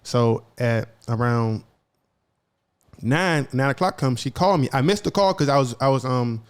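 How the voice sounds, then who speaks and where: A man's voice: medium pitch, expressive, normal speed, clean tone. A young man co-hosting a podcast who tells a personal story in casual talk, acting out each side of the conversations and often repeating and restarting his phrases. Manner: retells events by acting out both sides of conversations. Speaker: podcast co-host.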